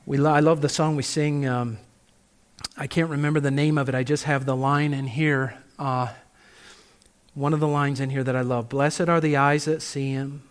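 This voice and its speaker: A man preaching a sermon, asking rhetorical questions and slowing down to stress key phrases. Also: mid-range voice, little pitch movement. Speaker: pastor.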